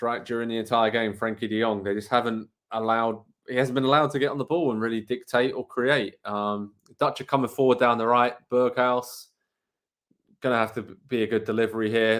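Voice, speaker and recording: A man from England co-hosting a live online match watchalong, chatting casually, calling the play and reading out viewer comments. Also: medium pitch. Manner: chatty, reads out viewer comments, calls the action. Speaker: co-host of a live watchalong show.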